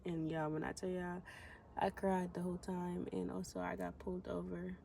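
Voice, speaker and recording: Young woman vlogging on her phone, low gravelly voice, teary and slangy, faint hiss behind. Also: big pitch swings, normal speed, dark tone. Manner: slangy, rambling, emotional. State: tearful after long crying. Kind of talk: casual talk to camera. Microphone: phone camera.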